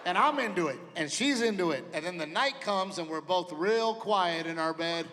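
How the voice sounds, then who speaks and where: A man's voice: high voice, expressive, normal speed, bright, forceful tone. A middle-aged man doing stand-up comedy in a theater with brash, profane storytelling and acted-out quotes. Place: large theater stage with a live audience. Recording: live hall reverb, audience noise.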